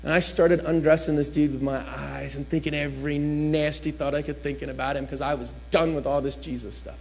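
A man with a high voice tells his own testimony to a church gathering. He tells it as a vivid story, changing his voice to act out what others said. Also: steady tone, brisk, a little mellow. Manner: storytelling, acts out quotes with shifting voice. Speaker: guest speaker giving testimony.

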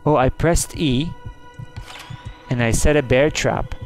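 Faint music plays behind a man whose medium-pitched, slightly mellow voice moves slowly. He's a gaming channel host commentating his let's play of a scary game, jumping at things, gasping and yelling "oh no" in alarm.

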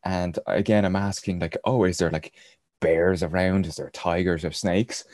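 Very low-voiced male guest, rambling anecdotal storyteller who laughs along. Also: steady tone, normal speed, a little mellow, no echo, clean studio sound. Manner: rambling, chuckles through his anecdotes. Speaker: podcast guest. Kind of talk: casual storytelling.

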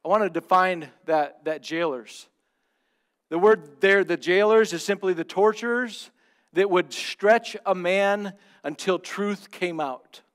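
Male pastor w a high voice, earnest sermon, goes loud then real quiet. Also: slow. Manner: swings between loud emphatic bursts and hushed asides; earnest, direct address to the congregation.

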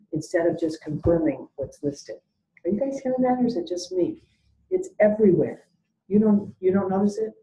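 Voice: mid-range voice, big pitch swings, moderate pace, vocal fry, warm tone, low-quality recording. A salon business educator giving an e-learning webinar talk, emphatic and fond of telling stories. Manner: emphatic, tells stories and acts out exchanges.

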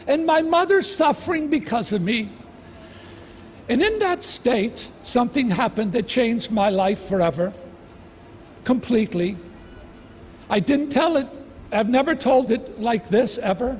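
A man in his sixties giving an emotional personal testimony in a slow, dramatic delivery with heavy pauses, speaking in a large outdoor amphitheatre. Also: very high voice, animated, husky. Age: 60s. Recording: long reverb from a large venue, faint ambience.

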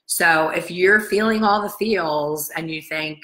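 A woman's voice: low voice, moderate pace, low-quality recording. A middle-aged woman who owns a salon, giving a casual, blunt motivational talk to camera and acting out the people she quotes. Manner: chatty, blunt, animated, acts out quotes. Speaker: salon owner and hair colorist coach.

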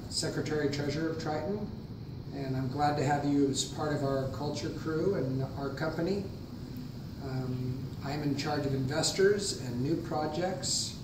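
A man giving a friendly, slightly halting workplace introduction as a company officer. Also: fairly high pitch, roomy sound, far from the mic, background noise.

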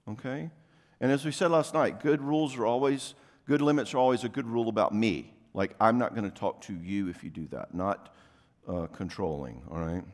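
A man giving a casual workshop talk at a marriage conference in a church, conversational and full of quick asides. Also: on the low side. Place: church venue, live talk. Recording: long hall reverb.

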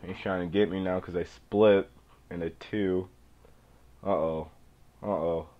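A young man giving excitable, jumpy let's play commentary as a gaming YouTuber. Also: sits low, unhurried. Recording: dull lo-fi home mic.

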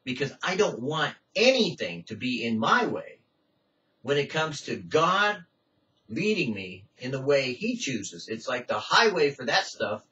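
A man preaching a sermon with passion, swinging from loud cries to hushed pleading in a church. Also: mid-range voice, big pitch swings, a little slow. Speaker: pastor. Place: church sanctuary. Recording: distant, muffled church recording.

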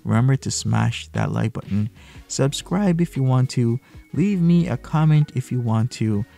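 A man's voice: medium pitch, animated, a little slow, creaky, dark tone. A man hosting a reaction commentary video, mocking and full of rhetorical questions. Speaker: commentary YouTuber.

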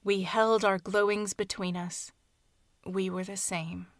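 A woman reads fiction aloud in a soft, hushed, measured voice. Her pitch sits in the ordinary middle range. The recording is dry and close, with no echo. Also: flat delivery. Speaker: audiobook narrator. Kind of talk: scripted fiction narration.

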